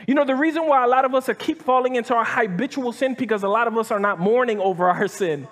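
A man's voice: very high-pitched, fast, a bit bright. A man preaching to a live audience as pastor, talking conversationally with many restarts and asides, reading scripture aloud and commenting between the verses. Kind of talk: sermon. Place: church hall with live audience.

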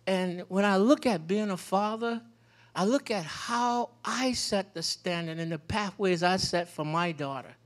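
A man speaking as a panel guest, telling animated stories about fatherhood and repeating phrases for emphasis. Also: high voice, measured pace. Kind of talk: personal storytelling in a community panel.

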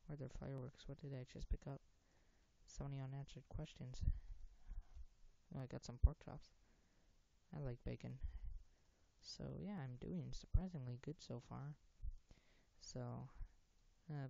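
Gravelly, dark-voiced gamer rambling on a dull lo-fi mic. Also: mid-range voice, normal speed, pauses often. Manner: rambling, self-interrupting, easily excited. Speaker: gaming video host. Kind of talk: casual let's-play commentary.

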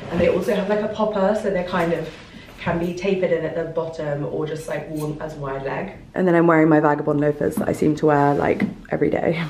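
A woman's voice: low-pitched, fairly even intonation, a little fast, a little mellow, slight background noise, low-quality recording. A young woman, chatting casually to the camera in a rambling, talkative vlog style. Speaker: vlogger.

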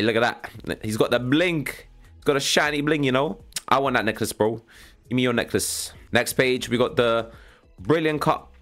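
A young man giving casual, excitable commentary as he reacts to a video game, with a slangy, chatty way of talking. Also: mid-range voice. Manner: casual, excitable, slangy, says "bro" a lot. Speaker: gaming channel host.

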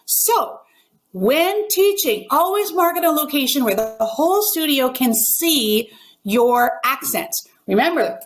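A woman with a high, animated voice coaches ballet teachers in an instructional video. Her delivery is emphatic and carefully enunciated, and she speaks as a working ballet pianist.

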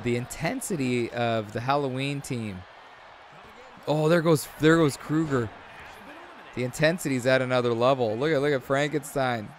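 A man in his thirties giving excitable, rambling commentary over a video game, full of chatty asides. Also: mid-range voice, slight background noise. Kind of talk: casual gameplay commentary.

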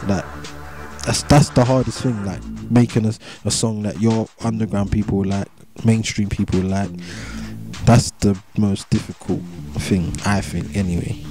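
A young English rapper with a fairly low, fairly even voice talks a little slowly in a casual interview. He has a London street accent, uses heavy slang, and repeats himself in a laid-back way, with music playing beneath his voice.

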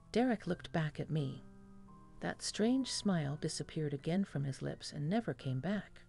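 A woman's voice: sits low, expressive, moderate pace, vocal fry, darkish tone, soft background music. A woman reading a first-person horror story as scripted narration.

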